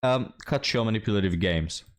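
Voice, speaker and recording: A man's voice: lowish voice, expressive, brisk. A man hosting a reaction commentary, talking bluntly and mockingly with a lot of swearing. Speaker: commentary host.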